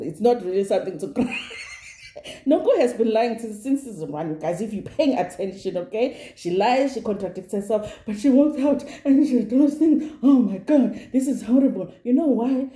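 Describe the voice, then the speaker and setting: A woman giving a lively, gossipy recap of a reality show. She acts out the quotes and laughs often. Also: a little high, moderate pace. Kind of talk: casual recap commentary. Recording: roomy echo.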